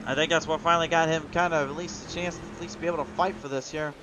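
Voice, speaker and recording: With a fast, fairly high voice and a noisy background, this Iowa man does sim racing commentary. He's chatty, reading out viewer chat and talking with the audience before rising into excited play-by-play.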